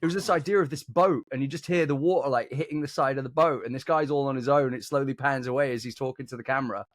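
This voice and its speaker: A man's voice: mid-range voice, quick pace, no echo, clean studio sound. A man hosting a podcast in casual chat, chatty and laughing along with the others.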